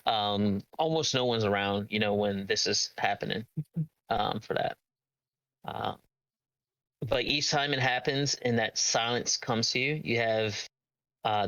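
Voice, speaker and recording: Slow, dry-sounding male game master. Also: fairly low pitch, fairly bright tone, no room sound, rough recording. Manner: hesitant, many ums and uhs, laughing often. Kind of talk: narrating a tabletop game.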